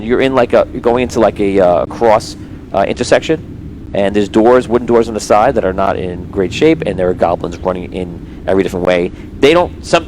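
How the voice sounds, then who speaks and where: A man's voice: medium pitch, a little hiss or hum, poor audio. A man narrating a tabletop game as game master on a live stream, rambling with many restarts.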